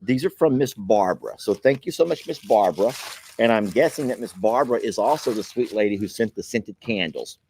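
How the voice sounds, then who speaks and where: A man's voice: lowish voice, animated, brisk, darkish tone, a little hiss or hum. A man, chuckling and grateful as he hosts a casual chat, reading viewer mail aloud. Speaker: channel host opening viewer mail.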